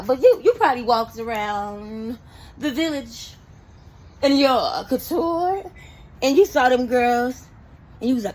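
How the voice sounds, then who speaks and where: A woman's voice: a little high, sing-song, unhurried, a little mellow, slight background noise. A young woman giving blunt, exasperated, profane reaction commentary as host.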